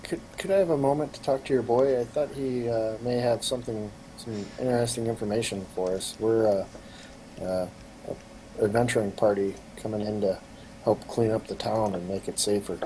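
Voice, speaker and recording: A man playing a tabletop game, talking in character in a friendly, halting way. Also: lowish voice, steady tone, dark tone, a little hiss or hum, poor audio. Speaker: player.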